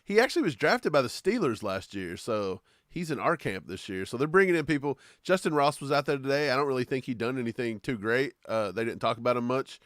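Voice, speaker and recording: A man's voice: mid-range voice, big pitch swings, brisk, few pauses, fairly bright tone, dry recording, clean studio sound. A man co-hosting a sports podcast, chatting casually and joking in laid-back banter. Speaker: podcast co-host. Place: Kentucky.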